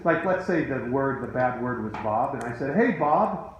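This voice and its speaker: A middle-aged man spins a high school story for his students, animated and chatty. His voice sits at an ordinary pitch and rings in a very echoey room. A faint hum of noise is heard behind him. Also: fairly quick. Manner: animated, chatty, full of asides.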